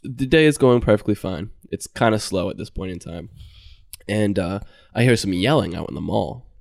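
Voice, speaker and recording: A young man telling a work story in a relaxed casual chat, full of fillers. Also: lowish voice, moderate pace, vocal fry.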